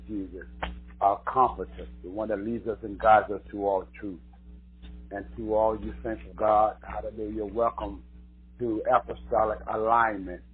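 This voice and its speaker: A man hosting a radio sermon and prayer, fervent and repetitive, rising to shouts. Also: fairly low pitch. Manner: fervent, repeats hallelujah, rises to shouts. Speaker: host and preacher. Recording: tinny phone-line broadcast.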